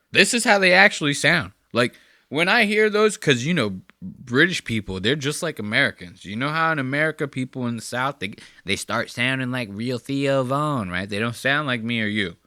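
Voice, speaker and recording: A man riffing on a clip in a casual, swear-heavy, mocking way. His voice has a tense, forceful edge and swings widely up and down as he gets worked up. The sound is close and dry. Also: medium pitch, no echo. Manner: profane, mocking, animated. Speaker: podcast host. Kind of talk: casual reaction commentary.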